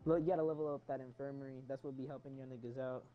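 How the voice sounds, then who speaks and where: A man's voice: mid-range voice, level tone, very fast, phone-quality sound, slight background noise. A young man chatting in slang while gaming, laid back and giving his friends tips. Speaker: gamer. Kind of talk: casual gaming chat.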